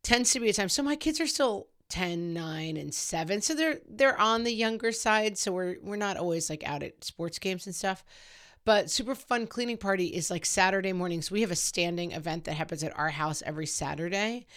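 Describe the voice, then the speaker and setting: A woman's voice: lowish voice, animated, normal speed, a bit bright. A woman hosting a casual parenting advice podcast, talking chattily with a self-deprecating humor and lots of "like"s.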